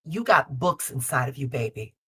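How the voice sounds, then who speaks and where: A middle-aged woman from Chicago leads a live-stream advice reading, her voice bright and forceful. She repeats her key lines for weight. She calls people baby and honey, and she swears without a second thought. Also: rumbling low, animated, normal speed, slightly rough. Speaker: tarot reader and show host. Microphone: streaming call setup.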